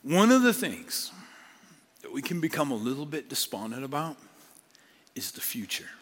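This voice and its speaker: A man's voice: medium pitch, very animated, moderate pace, fairly bright tone, in a large hall. A man preaching a sermon as a pastor, speaking conversationally and acting out biblical figures in casual modern speech.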